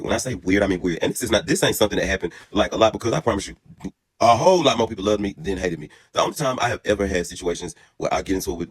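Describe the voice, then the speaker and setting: A man in his thirties telling a story in a casual, animated way, brassy, profane and dramatic, then calmer and reflective. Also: low-pitched, breathy edge. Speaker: storyteller vlogger.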